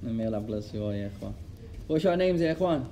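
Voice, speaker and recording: A man leads a religious study class, talking quickly with a slightly raised pitch and a mellow, dark timbre. He tells stories in an animated way and repeats his points for emphasis. A faint hum of background noise sits behind his voice. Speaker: Islamic studies teacher. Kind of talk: religious class lesson with storytelling.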